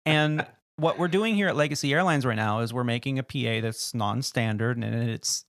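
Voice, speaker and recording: A man, a podcast host, telling animated work stories in casual chat and acting out the people in them. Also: medium pitch, vocal fry, no echo, clean studio sound. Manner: animated, acts out quoted people in his stories. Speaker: podcast host and flight attendant.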